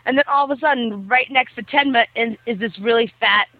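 A woman's voice: on the high side, a little fast, no room sound. A woman chatting casually and rambling animatedly as she retells a show's plot, with lots of fillers. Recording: tinny phone-like dry sound.

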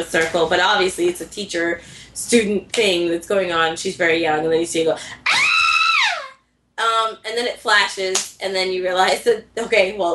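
A woman's voice: on the low side, fairly bright tone, roomy sound, slight background noise, low-quality recording. A woman chatting casually and telling a story animatedly, acting out the characters' lines as she goes. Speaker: co-host recapping anime. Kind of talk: casual chat.

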